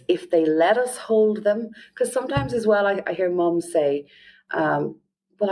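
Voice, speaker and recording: A woman with an Irish accent speaks as a parenting coach in a relaxed podcast interview. Her voice sits a little low for a woman. She explains in a lively way and slips into the voices of the parents and children she describes. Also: slight background noise. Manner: lively, often acts out quoted parents and children.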